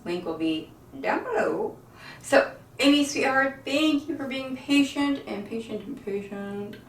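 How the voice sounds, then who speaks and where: Giggling a lot as she rambles, a woman vlogs about home baking from her kitchen, talking casually to camera in a folksy, self-deprecating way with an occasional mild curse. Her voice is high, animated and unhurried, with a slight hiss or hum.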